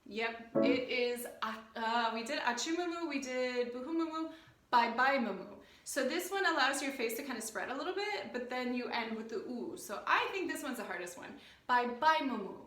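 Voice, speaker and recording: Bright, lively woman leading choir warm-ups. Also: high-pitched, normal speed, echoey room. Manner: encouraging, playful, sings example phrases. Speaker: choir director. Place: home room, rain outside.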